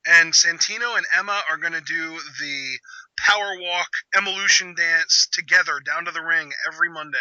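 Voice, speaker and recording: A man hosting a casual live reaction chat, with sarcastic, quick banter. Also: on the high side, pushed and bright, no room sound. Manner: sarcastic, fast-talking banter. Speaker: channel host. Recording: dull lo-fi audio.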